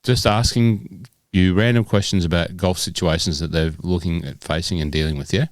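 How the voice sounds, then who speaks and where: A man's voice: sits low, steady tone, moderate pace, no room sound. A middle-aged Australian man co-hosting a podcast, chatting casually and rambling with many fillers. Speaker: podcast co-host. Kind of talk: casual chat.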